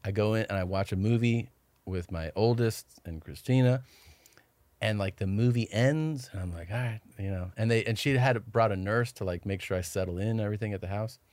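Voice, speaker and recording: Here a lowish, darkish-toned male voice moves briskly through a rambling story as a podcast guest. He swears and performs the quoted dialogue in casual storytelling chat, and the recording is dry.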